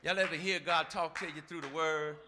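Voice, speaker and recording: A man preaching a sermon, calling out to the congregation and swinging from shouted lines to quiet asides. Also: on the high side, fairly even intonation, a little fast, over music. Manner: call-and-response preaching, shifts between shouting and soft asides.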